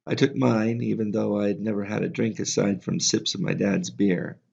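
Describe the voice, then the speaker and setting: A male audiobook narrator with a low, deeply gravelly voice and a husky edge. His reading is calm and measured. The audio is slightly muffled and lo-fi. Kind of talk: scripted narration.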